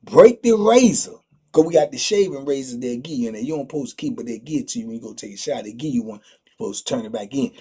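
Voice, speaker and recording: A man hosting a channel, telling prison stories in an animated, slang-heavy way, full of excitable asides. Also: medium pitch, rapid-fire, breathy edge. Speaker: storyteller host.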